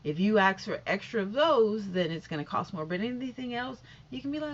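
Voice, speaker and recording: A woman's voice: mid-range voice, animated, brisk, slight background noise. A middle-aged woman vlogger telling a casual story-time monologue, rambling with lots of fillers and restarts and acting out every exchange. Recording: dull lo-fi audio.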